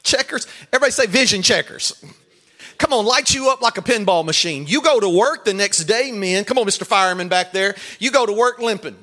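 A man's voice: high voice, animated, fairly quick, sharp tone. A man preaching a comic sermon at a marriage seminar, calling for amens and leading prayers. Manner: comic, call-and-response preaching.

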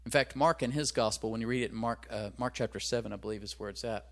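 A man's voice: mid-range voice, fast talker. Man preaching a conversational sermon. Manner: conversational preaching with rhetorical questions; searches aloud for references, restarts. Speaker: pastor.

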